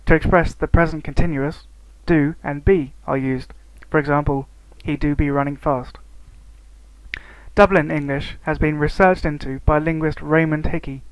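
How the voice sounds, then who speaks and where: Guy reading out a lesson script, kinda high voice, dead dry close mic. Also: fairly even intonation, clear, resonant tone, dry recording, rough recording. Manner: reads steadily from a prepared script, slowing on example words. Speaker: student narrator. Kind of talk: scripted educational narration.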